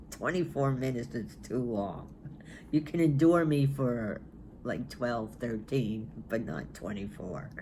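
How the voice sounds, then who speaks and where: Slow-talking woman in her sixties. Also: a bass voice, expressive, mellow, slight background noise. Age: 60s. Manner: rambling, musing aloud. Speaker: knitting vlogger. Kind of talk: casual chat.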